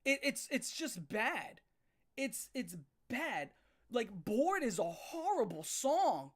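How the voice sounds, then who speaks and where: Blunt, profane woman ranting, slightly high voice. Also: sing-song, takes it slowly. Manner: emphatic, blunt and repetitive, stumbling restarts. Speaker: music reviewer ranting on a live stream. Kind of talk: profane live rant.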